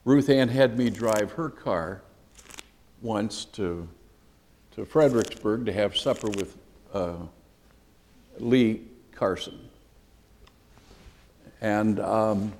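Slow, emphatic man preaching in a hall. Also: fairly low pitch. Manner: animated, emphatic, conversational preaching with asides. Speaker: pastor. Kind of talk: sermon, Bible teaching.

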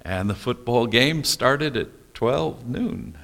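Male pastor, sermon, slow deliberate pace, rhetorical questions, anecdotes. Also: mid-range voice, animated, vocal fry, fairly bright tone. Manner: storytelling with rhetorical questions and asides.

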